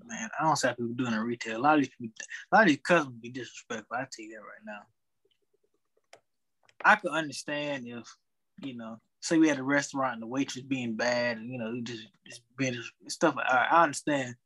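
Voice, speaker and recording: A young man who works retail, telling work stories in a casual chat with an animated, venting delivery. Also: mid-range voice, fairly quick, slightly rough, low-quality recording. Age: young adult. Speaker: retail worker.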